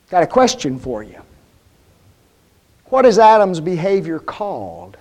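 A man's voice: high voice, sing-song, measured pace, long pauses, darkish tone. A man preaching a sermon in a folksy, plain-spoken way, often putting rhetorical questions to the congregation.

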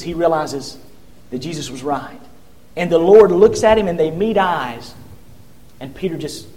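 A man with a notably high voice delivers a sermon, retelling scripture as a vivid story. He stumbles and restarts often and slips into the quoted figures' voices as he goes. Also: a little mellow. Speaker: preacher.

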